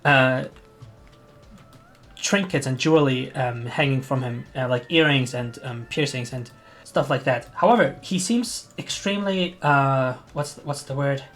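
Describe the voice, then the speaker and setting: A man's voice: medium pitch, a little slow, fairly bright tone, soft background music. Rambling man narrating a tabletop game. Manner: rambling, filler-heavy, searching for words. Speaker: game master.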